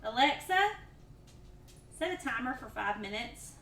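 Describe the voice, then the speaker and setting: Speaking a little slowly, a cooking streamer with a fairly high, sharp voice and lively intonation chats with her audience as she cooks at home. There's slight background noise, and kitchenware clatters throughout the casual livestream.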